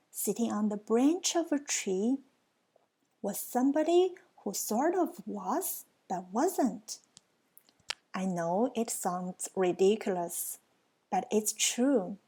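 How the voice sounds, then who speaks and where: A woman's voice: on the high side, a little mellow, slightly rough. A woman reading a children's picture book aloud, with playful, teasing asides to her listeners. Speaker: storybook reader.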